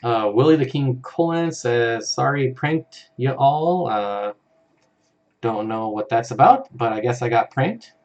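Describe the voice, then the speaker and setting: Male streamer, mid-pitched, relaxed and chatty, chuckling as he reads out viewer comments. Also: a little slow, dull audio. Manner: easygoing, chuckles often, reads comments aloud. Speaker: live-stream host for an aquarium channel. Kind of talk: casual live-stream chat reading viewer comments.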